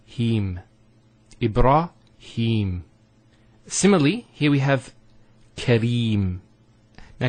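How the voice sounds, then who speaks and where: A man teaching a recorded Arabic lesson, speaking deliberately and drawing out vowels to show pronunciation. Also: mid-range voice, no echo.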